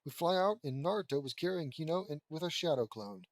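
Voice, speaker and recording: A man reads a fan-fiction story aloud in a relaxed, offhand way. His voice sits a little high for a man and sounds dry and close, with no room in it. He trips over names and keeps breaking off to mock the text. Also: brisk, no echo, low-quality recording. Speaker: audiobook reader of fan fiction. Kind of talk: casual reading aloud with mocking asides.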